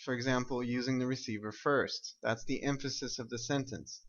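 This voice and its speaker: A man's voice: mid-range voice, steady tone, fairly quick, a bit bright, dull audio. A man teaching an English grammar lesson, explaining step by step and often checking with "right?" and "okay?".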